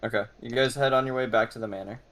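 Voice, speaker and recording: A man's voice: medium pitch, steady tone, quick pace, fairly bright tone. A man narrating a tabletop game as game master, with many hesitant fillers.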